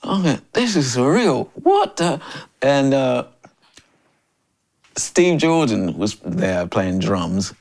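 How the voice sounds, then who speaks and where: An older man in his sixties from Memphis, a drummer and interview guest, telling stories in a lively way, often laughing and acting out other people's lines. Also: mid-range voice, slow pace, gravelly, pauses often. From Memphis, USA. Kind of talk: casual storytelling interview.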